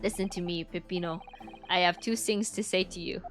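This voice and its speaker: A woman voicing a stern, indignant red-haired man from a detective game, reading his lines slowly and stiffly. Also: lowish voice, steady tone, music in the background, pitched below the performer's own voice, lightly acted.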